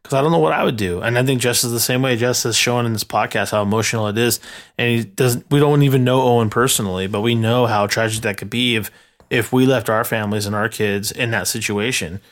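A man co-hosting a podcast, speaking earnestly and haltingly with many restarts. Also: mid-range voice, fairly even intonation. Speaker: podcast co-host. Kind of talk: casual podcast chat.

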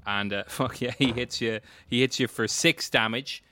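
A man's voice: medium pitch, steady tone, normal speed, bright, forceful tone, slight background noise. A man, running a tabletop game as game master, joking and laughing often.

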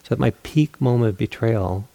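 Speaking briskly with a dark tone at medium pitch, a meditation teacher tells a story during a dharma talk in a meditation hall. He's candid and self-mocking, voicing his own inner thoughts aloud as characters.

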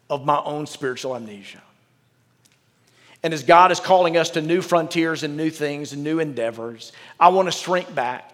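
A male pastor reads scripture to his congregation, then drops into candid, wisecracking asides. His voice sits a little high for a man. The sound rings with the long reverb of a large church sanctuary. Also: fairly bright tone. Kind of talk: sermon.

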